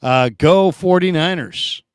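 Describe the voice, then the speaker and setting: A middle-aged man hosts a casual sports talk show and spins stories with lively swings in pitch. He slips into quoted voices as he goes. The sound is dry and close, with no room around it. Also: takes it slowly, clean tone, no echo. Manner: animated storyteller, acts out quoted voices.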